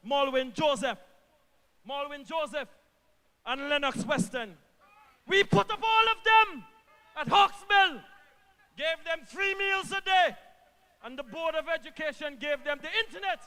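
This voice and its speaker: Speaking in a large hall, this very high-voiced man from Antigua and Barbuda is a government minister with an Antiguan accent. He delivers a passionate political rally speech, repeating phrases for emphasis and shifting between hushed tones and shouting.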